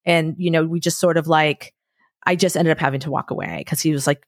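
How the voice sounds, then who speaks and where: A woman in her forties talking as a podcast guest, telling candid stories with lively acted-out quotes and casual swearing. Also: lowish voice, fast talker, no room sound, clean studio sound. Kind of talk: candid conversational storytelling.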